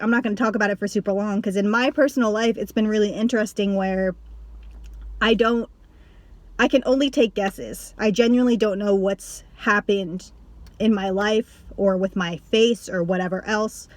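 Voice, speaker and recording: A woman's voice: medium pitch, normal speed, no room sound. Rambling woman vlogger, dry sound. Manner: rambling, heavy use of "like", acts out others in a raised voice. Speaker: YouTuber. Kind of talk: casual vlog talk to camera.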